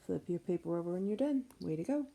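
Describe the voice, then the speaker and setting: A woman teacher giving a recorded phonics lesson for children, slowly sounding out letters and words. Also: lowish voice, animated, creaky, warm tone, a little hiss or hum. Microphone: tablet microphone.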